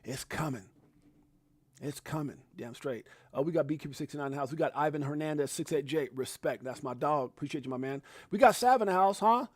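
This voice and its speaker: A man hosting a casual live stream, hyped and effusive, giving one shout-out after another to people watching. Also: a little high, expressive, a little fast, dry recording. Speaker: livestream host. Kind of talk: casual live-stream chat reading out viewer names.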